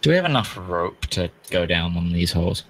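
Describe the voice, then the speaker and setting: Low-voiced dude playing d&d, asks lots of questions, pretty chill. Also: male voice, very animated, a little fast, low-quality recording. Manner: casual, questioning. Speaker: player. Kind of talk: casual tabletop play.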